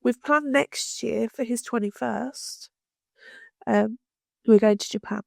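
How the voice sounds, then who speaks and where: Woman co-hosting a podcast, lively storytelling, swears a lot, fry in her voice. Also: fairly high pitch, slow pace, dry recording, studio quality. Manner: animated, swears freely, acts out quoted people. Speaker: podcast co-host. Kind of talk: casual storytelling chat.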